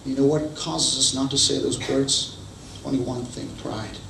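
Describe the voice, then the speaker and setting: A man's voice: medium pitch, flat delivery, normal speed, creaky, hardly any pauses, fairly bright tone. A man preaching a sermon, telling stories and acting out the quoted lines. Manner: storytelling, acts out quotes. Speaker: pastor. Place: church hall. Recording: echoey hall, distant mic, faint noise.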